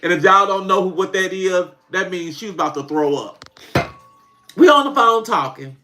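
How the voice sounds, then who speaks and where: A man who makes comedy skits, chatting casually on a livestream as an animated, laughing storyteller who swears freely. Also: sits high, normal speed, noisy background. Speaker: comedy skit creator hosting a livestream.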